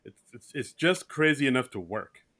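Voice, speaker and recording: A man with a bright, lively tone co-hosts a casual movie podcast. He is recorded close and dry, with no room sound. He retells scenes playfully and slips into quick impressions of the characters. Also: mid-range voice, no room sound. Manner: jokey, acts out characters' lines. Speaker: podcast co-host. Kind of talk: casual movie recap chat.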